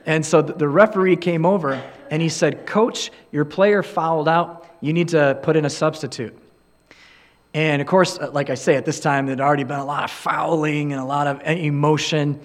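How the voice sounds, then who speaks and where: A man's voice: a little high, steady tone, normal speed. A middle-aged man preaching a sermon in an earnest, conversational way, telling a story and acting out the quoted lines.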